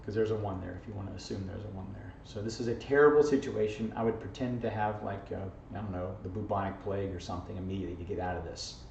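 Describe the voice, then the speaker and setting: A man's voice: lowish voice, fairly even intonation, fast, gravelly, few pauses, a little mellow. A man teaching an algebra lesson in a jokey, playful way, constantly checking in with "okay?" and "right?", recorded in a classroom from across the room. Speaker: math teacher. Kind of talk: informal video math lesson. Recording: echoey, distant, dull camera audio with faint hiss.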